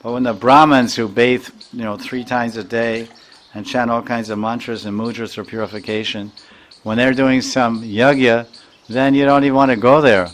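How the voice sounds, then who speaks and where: A man's voice: mid-range voice, steady tone, moderate pace, slight background noise. Man teaching scripture, chanting Sanskrit verses. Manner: recites Sanskrit verses, then explains them line by line; chuckles while teaching. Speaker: spiritual teacher. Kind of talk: scripture lecture.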